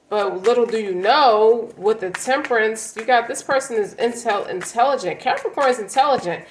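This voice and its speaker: A woman's voice: on the high side, moderate pace, few pauses, roomy sound, slight background noise, low-quality recording. A woman giving a casual tarot reading, talking in a blunt, slangy, emphatic way. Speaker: tarot reader.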